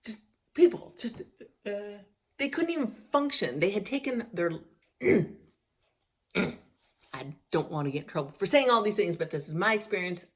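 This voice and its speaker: A woman's voice: mid-range voice, animated, normal speed, long pauses, slightly rough. A middle-aged woman telling a personal story in a casual vlog, candid and emotional, often restarting and trailing off mid-phrase. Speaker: vlogger.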